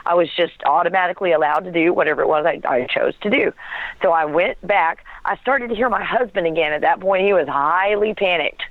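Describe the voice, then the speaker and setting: Woman guest, lively storyteller who acts out dialogue, heard over a thin phone line. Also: lowish voice, a little fast, no echo. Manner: animated storytelling with laughs and acted quotes. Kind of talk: telling a personal story.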